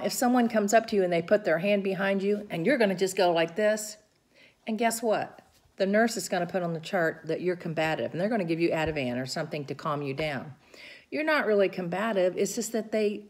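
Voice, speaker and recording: A middle-aged woman with a slightly low voice, passing on what she learned at a caregiving seminar. She talks informally and earnestly, walking through tips and describing hand gestures as she speaks. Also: darkish tone. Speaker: caregiver sharing seminar notes. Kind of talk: informal talk recounting a seminar.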